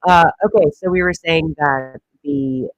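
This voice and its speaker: A man's voice: high voice, big pitch swings, unhurried, creaky, fairly bright tone, no room sound, lo-fi sound. A man hosting a comedic weather livestream, chatting casually and rambling with lots of fillers and jokes. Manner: rambling, joking, many fillers.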